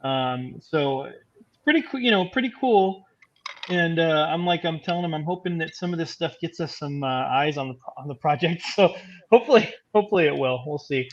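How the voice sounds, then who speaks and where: Comic writer, male, slightly higher voice, halting and laid-back, dull lo-fi sound. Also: animated. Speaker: comic book writer, co-host. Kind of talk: casual chat.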